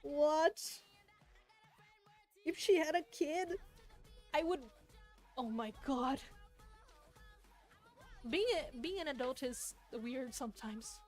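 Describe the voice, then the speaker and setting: A woman's voice: high-pitched, expressive, takes it slowly, pauses often. A young woman chatting casually while she draws, rambling, restarting her sentences and laughing often. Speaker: artist streaming while drawing. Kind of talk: casual chat while drawing. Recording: faint music playing behind.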